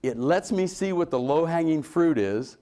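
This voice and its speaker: A man speaking to a conference room in a lively, fairly high voice. His pitch leaps around as he drives points home, then drops into quiet asides. He talks like a motivational speaker working the crowd. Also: moderate pace. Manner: animated, swings between loud emphasis and low asides.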